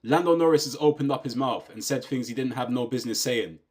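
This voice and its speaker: A man's voice: medium pitch, fast talker, a little mellow, husky. A British man giving a casual, opinionated rant, asking rhetorical questions and often checking in with his listener. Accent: British English. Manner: conversational, rhetorical questions, says "do you know what I mean" often. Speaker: YouTube commentator.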